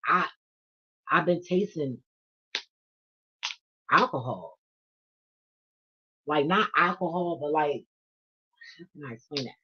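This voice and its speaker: A woman's voice: sits low, normal speed, long pauses, husky, dull audio. A woman vlogger, telling a casual monologue full of slang and swearing. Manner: animated, profane storytelling with slang.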